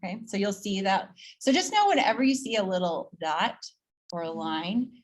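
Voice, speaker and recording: A chatty, upbeat woman teaching a pronunciation lesson at a mid-range pitch. She drills each sound slowly and repeatedly for students to echo. Her tone is relaxed and casual, with easy laughter. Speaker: yoga teacher training instructor.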